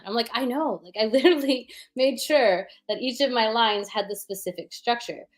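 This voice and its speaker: Her voice is slightly high and a bit bright, moving at a normal speed. She's a guest performing puns and chatting casually about how she writes them, using lots of fillers and rhythm sounds to explain.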